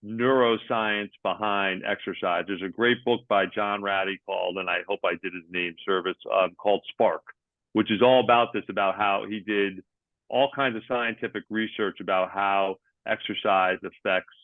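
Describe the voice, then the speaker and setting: A man's voice: lowish voice, steady tone, normal speed, no echo, phone-quality sound. A man, a sports coaching manager as guest, explaining step by step with many hesitant ums. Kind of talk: explanatory interview answers.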